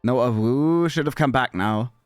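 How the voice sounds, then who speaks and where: A young man streaming live, chatting with viewers while fighting broken software, scattered and exasperated, cursing and leaping from mumbles to high squeaky outbursts. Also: normal speed, clear, resonant tone, no room sound, studio quality, faint music behind. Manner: scattered and exasperated, swearing at tech trouble. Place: home streaming setup.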